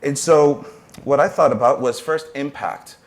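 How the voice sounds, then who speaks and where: A man's voice: mid-range voice, measured pace. A man speaking on a panel as a university professor of arts entrepreneurship, earnest and motivational, with brief restarts. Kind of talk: panel discussion talk.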